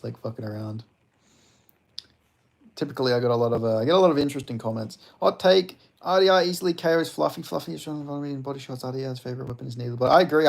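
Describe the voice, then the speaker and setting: A man's voice: medium pitch, gravelly. A young man hosting a livestream, reading chat and chatting loosely, laughing and swearing freely. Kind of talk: casual stream chat.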